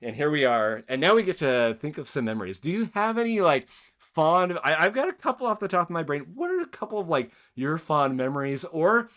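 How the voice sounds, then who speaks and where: This man hosts a podcast and tells a personal story earnestly, rambling and restarting often in a conversational interview. His voice sits on the high side, very animated and brisk, with a fairly bright tone. He comes from the Spokane, Washington area.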